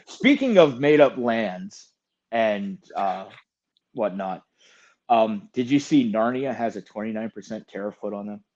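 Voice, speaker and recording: Brief: wry, swearing male co-host, mid-pitched, muffled lo-fi line. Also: lively intonation, unhurried, a little mellow. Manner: wry, profane, drops to mutters. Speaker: podcast co-host. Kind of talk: casual chat.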